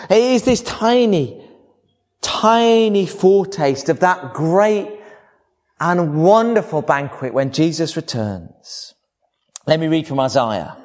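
A man preaching a sermon to a congregation, with expressive, varied emphasis. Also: on the high side.

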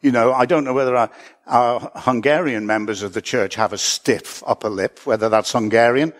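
A man's voice: medium pitch, moderate pace. A man, a pastor, preaching a sermon in an earnest, reflective way, with small chuckles and self-corrections. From Britain.

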